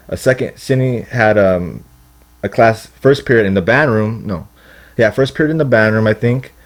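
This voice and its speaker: A young man telling a long story in casual podcast chat, rambling and profane, acting out what people said. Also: fairly low pitch. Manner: rambling, profane, acts out quotes. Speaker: podcast guest.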